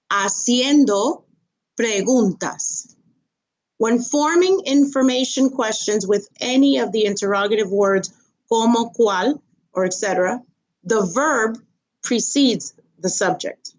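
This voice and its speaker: Woman teaching spanish online, patient, unhurried, muffled lo-fi audio, computer mic. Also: mid-range voice. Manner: slow, patient, repeats phrases with exaggerated question intonation. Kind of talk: online language lesson. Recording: dull lo-fi audio.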